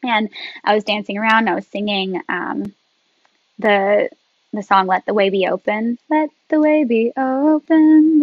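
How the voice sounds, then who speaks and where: A woman guest in a casual talk, telling her story in a chatty, animated way. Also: mid-range voice, no room sound, dull audio. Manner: animated, chatty, laughs often. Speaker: podcast guest.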